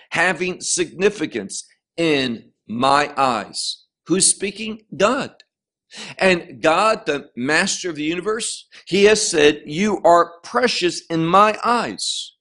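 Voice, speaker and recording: A man teaches scripture at an unhurried pace. His voice sits a little high, and he leans hard on key words as he reads each verse aloud. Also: animated, bright, forceful tone. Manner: slow, deliberate, emphatic reading of scripture. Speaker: Bible teacher. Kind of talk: Bible teaching.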